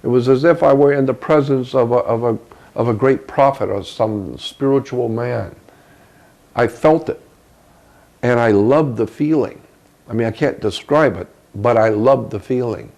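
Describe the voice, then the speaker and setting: A man being interviewed, recounting a personal story in a halting way, often repeating words as he searches for them. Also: mid-range voice, gravelly, a little mellow. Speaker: interview guest.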